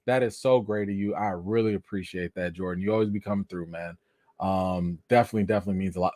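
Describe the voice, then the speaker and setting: Dude hosting a live chat, bursts way up high when hyped, dry close mic. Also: male voice, fast, no room sound. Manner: animated, jumps high when excited, addresses chat directly. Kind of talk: casual live-stream chat.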